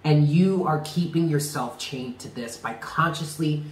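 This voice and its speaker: Earnest man reading tarot, echoey room. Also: measured pace. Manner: earnest, emphatic, repeats himself, drops low on key words. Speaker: tarot reader.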